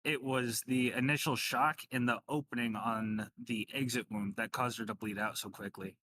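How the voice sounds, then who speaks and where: A man's voice: mid-range voice, fairly even intonation, moderate pace, noisy background. A man narrating as game master of a tabletop game, casual and joking, with frequent fillers.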